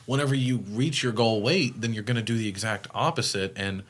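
A man's voice: medium pitch, steady tone, a bit bright. A young man co-hosting a casual podcast chat, laughing easily and speeding up as he explains. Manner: laughs easily, talks fast when explaining. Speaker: podcast co-host.

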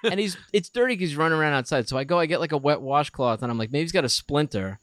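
A man's voice: a little high, lively intonation, rapid-fire, a bit bright, dry recording. Man, thirties, podcast co-host, casual storytelling, acts out quotes, dry close mic.

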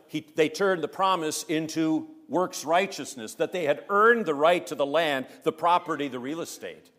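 A man's voice: medium pitch, fairly bright tone. Man preaching in a reverberant church. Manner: emphatic, measured preaching with rising stresses. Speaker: pastor. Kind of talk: sermon.

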